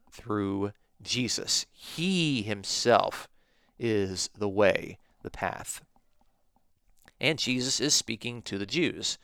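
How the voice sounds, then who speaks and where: A man teaching a Bible lesson in a measured, emphatic way, stressing key words. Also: fairly low pitch, fairly bright tone, clean tone, no room sound, studio quality. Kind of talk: scripted teaching podcast.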